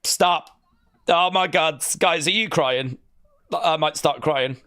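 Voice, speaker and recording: With a slow pace and a voice on the high side, this streamer offers excitable live commentary during a wrestling watch-along, answering the screen as he watches.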